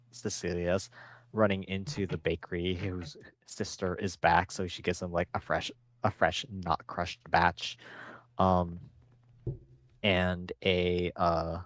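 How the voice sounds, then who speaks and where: A man's voice: sits low, dry recording. A man co-hosting a podcast, recapping an episode in casual chat, rambling with lots of fillers. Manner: rambling, filler-heavy, acts out quotes. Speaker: podcast co-host.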